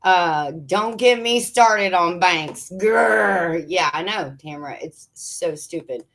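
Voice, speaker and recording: A woman from Pennsylvania hosting a casual livestream chat, reading viewer comments and ranting in an exasperated, animated way with frequent laughs. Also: fairly low pitch, takes it slowly. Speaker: livestream host.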